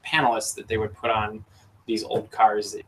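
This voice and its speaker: A man's voice: fairly low pitch, little pitch movement, moderate pace, fairly bright tone, slight background noise, poor audio. A man hosting a casual podcast chat, enthusiastic and rambling with lots of fillers. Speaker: podcast host.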